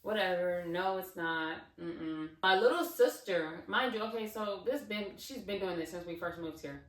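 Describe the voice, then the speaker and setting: A woman in her twenties telling a casual storytime on her channel, animated and digressive, with lots of fillers and asides. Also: on the low side, moderate pace. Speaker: vlogger. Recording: roomy, slightly distant mic.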